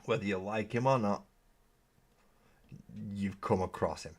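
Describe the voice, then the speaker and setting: A man's voice: on the low side, a little slow. A man hosting a casual live stream while painting miniatures, rambling and joking, with casual swearing. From Britain. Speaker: streaming hobby host.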